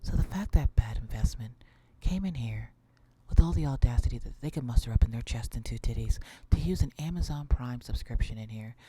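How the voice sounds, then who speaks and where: A woman's voice: a bass voice, lively intonation, a little fast, hardly any pauses, dark tone, slight background noise. A woman doing a teasing whispered role-play thank-you.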